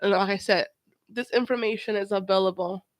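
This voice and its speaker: A woman's voice: mid-range voice, fairly even intonation, fairly quick, dry recording. A woman hosting a watch-along, reacting to a documentary with emphatic, repetitive commentary. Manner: emphatic, swearing, repeats words. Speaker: host.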